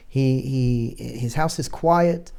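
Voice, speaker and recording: A middle-aged man, a rabbi, talking as a guest in a conversational discussion, telling stories and growing animated as he goes. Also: fairly high pitch, slow pace, creaky. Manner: storytelling, grows animated and louder describing family chaos.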